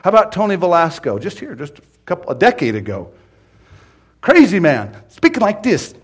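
Preacher, male, sermon delivery: animated, fairly high voice, big dramatic swings between shouting and whispering. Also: moderate pace, breathy edge. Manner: acts out quoted cries in a high strained voice.

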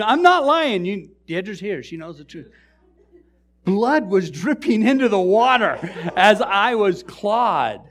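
A male pastor preaching a sermon, telling funny stories and joking with his congregation. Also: high voice. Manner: animated storytelling preacher, jokes with the congregation. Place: church.

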